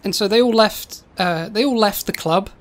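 Woman cohost rambling through a goofy story, keeps tripping over words, mid pitch. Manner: rambling, halting, repeats words. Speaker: podcast co-host. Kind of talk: comedic storytelling.

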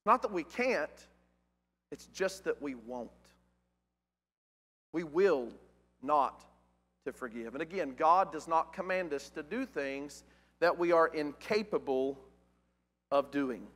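Man, preacher, high voice, emphatic, questioning, church with long reverb. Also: animated, a little slow, fairly bright tone. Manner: questioning, emphatic, reads scripture aloud. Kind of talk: sermon. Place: church sanctuary.

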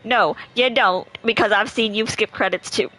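A woman's voice: a little high, normal speed, bright, forceful tone, poor audio. Easygoing woman streamer chatting. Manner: easygoing, laughs often. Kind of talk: casual live-stream chat. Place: home. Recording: faint background noise.

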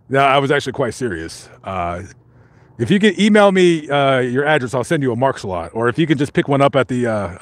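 Rambling, animated man reading live chat. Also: medium pitch, dry recording. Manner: rambling, joking, lots of fillers and restarts. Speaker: live stream host. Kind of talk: casual live chat, reading viewer comments.

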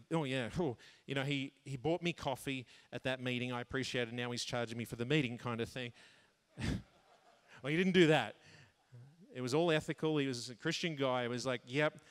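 A man telling a personal story in a sermon to a men's conference, animated, jumping high when he acts out his own thoughts and laughing at himself. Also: a little fast. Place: large conference hall. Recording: long hall reverb.

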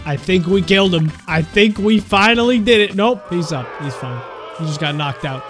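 A young man giving excitable gameplay commentary, laughing and talking to the characters on screen. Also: sits high, normal speed. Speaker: gaming YouTuber. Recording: music playing behind.

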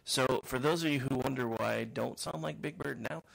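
A middle-aged man with a deep gravel and fry running through his voice, speaking in a practiced radio delivery. He rambles through a casual podcast monologue, restarting sentences and poking fun at himself. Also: fairly quick, fairly bright tone. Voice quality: trained radio voice. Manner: rambling, self-mocking storyteller with frequent restarts. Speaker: podcast host.

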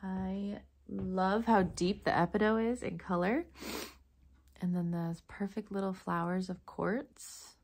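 A woman who owns a crystal shop, gushing over her unboxing in a casual vlog and often dropping into a hush. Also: mid-range voice, steady tone, slow. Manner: gushing, breathy exclamations, drifts into whispers.

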